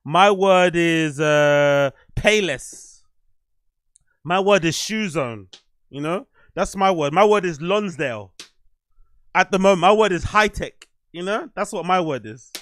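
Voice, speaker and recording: Casual host, raised voice, cursing, dry close sound. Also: male voice, sits high, expressive, unhurried, a bit bright, no echo. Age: adult, "you get older". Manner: swearing, rambling, self-deprecating. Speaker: podcast host. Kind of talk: casual livestream chat.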